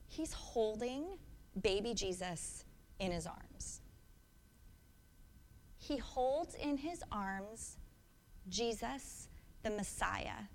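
A woman's voice: medium pitch, a little hiss or hum. Woman preaching in a reverberant church. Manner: earnest, reflective, with rhetorical questions to the congregation. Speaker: pastor. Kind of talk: sermon.

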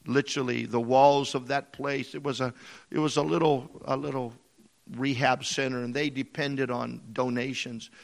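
A male preacher delivering a sermon, moving from quiet storytelling into impassioned appeals with repeated phrases. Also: mid-range voice, gravelly.

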